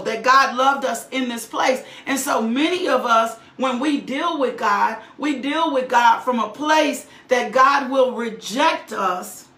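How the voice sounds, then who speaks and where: A woman's voice: high-pitched, bright, forceful tone, reverberant. A middle-aged woman preaching a sermon with fervor, often repeating lines for emphasis and checking in with "right?".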